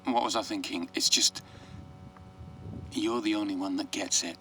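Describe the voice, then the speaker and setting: An actor playing a worried man who leaves an anxious, halting voice message for an old friend in a game. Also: lowish voice, fairly even intonation, bright, forceful tone, a little hiss or hum. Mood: anxious pleading. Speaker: game character leaving a voicemail.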